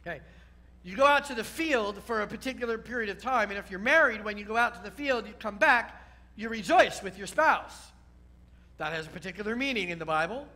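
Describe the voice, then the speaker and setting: High, bright-voiced rabbi teaching. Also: male voice, animated, a little fast. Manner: teacherly, often checks in with listeners. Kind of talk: sermon teaching.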